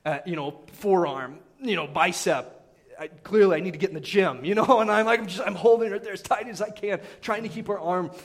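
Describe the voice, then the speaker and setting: A man in his thirties, a pastor preaching a sermon, telling a personal story in an animated, conversational way and often turning to the congregation with quick asides. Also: sits high.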